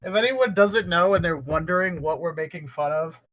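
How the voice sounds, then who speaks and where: Podcast co-host, woman from New England; bright, sharp voice, giggly and joking, swears casually. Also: on the low side, moderate pace. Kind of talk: casual chat and reading a post aloud.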